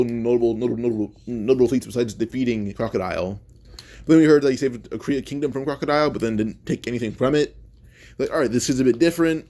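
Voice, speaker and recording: A man with a dark, mellow tone and a middle-of-the-road pitch tells a fan-made story off the cuff. He rambles and thinks out loud, and often stops to correct himself. The delivery is loose and conversational rather than scripted. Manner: rambling, thinks aloud with many self-corrections. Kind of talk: casual improvised retelling.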